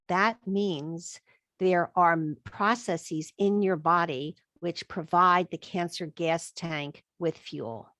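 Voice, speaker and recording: A woman's voice: lowish voice, slow, fairly bright tone, no echo. A woman speaking as a guest expert in a podcast interview, emphatic and acting out what she thinks to herself. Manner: emphatic, acts out quoted thoughts. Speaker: guest expert on chronic illness.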